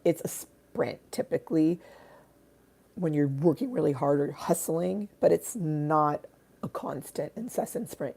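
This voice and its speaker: A hoarse woman with a raspy voice, an artist chatting casually on a livestream and rambling with many fillers and restarts. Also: low voice, dark tone. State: hoarse from screaming.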